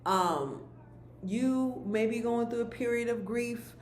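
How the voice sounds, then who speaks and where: A woman's voice: fairly high pitch, slow, a little hiss or hum. Earnest woman reading cards in an echoey room. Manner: earnest, repeats key phrases, speaks directly to viewers. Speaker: spiritual card reader. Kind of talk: monthly card reading for viewers.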